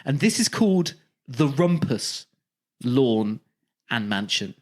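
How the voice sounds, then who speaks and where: A man co-hosting a casual comedy podcast, pitching outlandish ideas with mock-salesman bravado. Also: very animated, slow pace, darkish tone. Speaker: podcast co-host.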